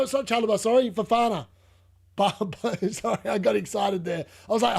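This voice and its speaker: A high-voiced Australian man hosting a live football watchalong. He chats, laughs a lot and jumps to an excited shout whenever a chance comes. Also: fairly quick, creaky, husky. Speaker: fantasy football watchalong host. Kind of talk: live watchalong commentary and chat replies.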